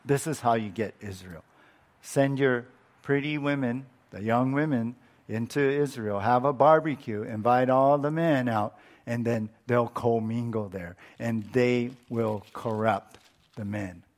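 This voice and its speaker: A man's voice: medium pitch, unhurried, natural voice. A man playing a greedy false prophet, talking in a casual, offhand way. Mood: scheming.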